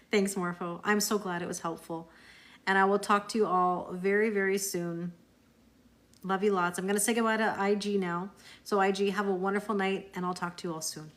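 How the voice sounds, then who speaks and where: A woman from Canada hosts a live tarot stream, answering viewer comments one after another in easy, friendly chat. Her voice sits at an ordinary middle pitch, and she laughs often as she goes. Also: steady tone, normal speed, a bit bright.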